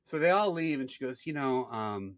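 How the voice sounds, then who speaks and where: Man, thirties, podcast co-host, storytelling, acted-out quotes, swearing, mid pitch, dry close sound. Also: normal speed, no room sound. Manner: animated storyteller, acts out quoted people, swears freely. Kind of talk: casual storytelling chat.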